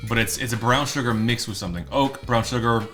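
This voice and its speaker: A man's voice: medium pitch, fairly quick, fairly bright tone, soft background music. A man co-hosting a whiskey channel, teasing his partner and swearing casually during a tasting. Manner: wry, teasing, swears freely.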